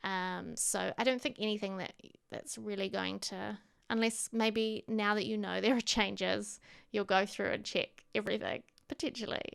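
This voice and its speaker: A woman's voice: medium pitch, steady tone, normal speed, creaky, fairly bright tone, clean tone. A woman with a New Zealand accent chatting casually over a game build, rambling with lots of ums and likes. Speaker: Sims builder and streamer.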